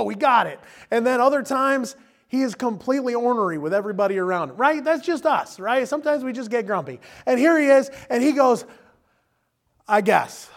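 A man preaching a sermon in a casual, conversational way, often chuckling and acting out the people he quotes. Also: high voice. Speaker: pastor.

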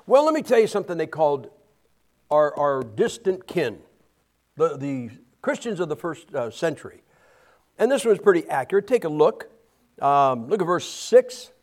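A man's voice: high-pitched, darkish tone. A man preaching a folksy, rambling sermon, full of restarts and asides.

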